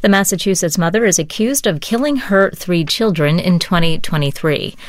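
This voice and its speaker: A woman newscaster reading hourly radio headlines in a measured, even delivery. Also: on the low side, no echo, studio quality.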